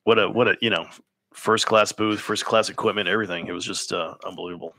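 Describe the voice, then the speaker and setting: A co-host with a bright, sharp voice who talks quickly and gets excited while praising a guest. The sound is dry and close, with no room around it. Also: male voice, on the low side, dry recording. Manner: excitable, gushing. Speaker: co-host and announcer. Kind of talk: casual live-stream chat.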